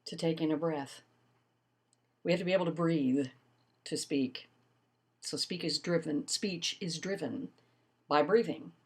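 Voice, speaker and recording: Expressive older woman lecturing. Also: sits low, measured pace, pauses often. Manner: expressive, demonstrative, lively emphasis. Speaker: college instructor. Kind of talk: recorded lecture.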